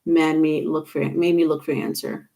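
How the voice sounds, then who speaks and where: A woman's voice: deep voice, little pitch movement, normal speed, mellow. A woman giving a casual tarot reading to her viewers, chatty and instructive, with many fillers and restarts. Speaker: tarot reader.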